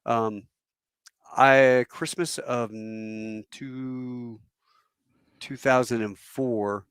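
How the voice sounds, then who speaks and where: Very slowly, in a mid-range voice with a clean tone, a fifties-aged podcast host and former Marine pilot shares rambling anecdotes in casual chat, animatedly acting out quoted figures. The sound is dry and clean, studio-grade.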